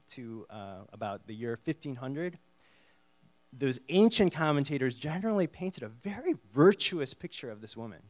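A man preaching a conversational sermon, reading Bible verses and acting out the dialogue in a casual, lively way. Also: medium pitch. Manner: conversational, animated, acts out the dialogue.

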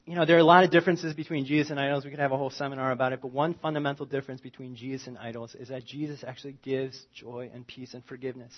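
Animated preaching man, muffled sound. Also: a little high. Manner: animated, conversational preaching with wide swings in loudness. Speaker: pastor. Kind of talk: sermon.

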